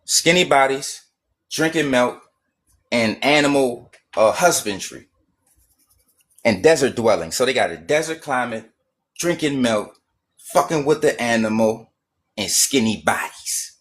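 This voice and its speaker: A man rants heatedly in a casual stream. His voice is mid-pitched, and his talk is profane and emphatic. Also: expressive, unhurried, pauses often, fairly bright tone.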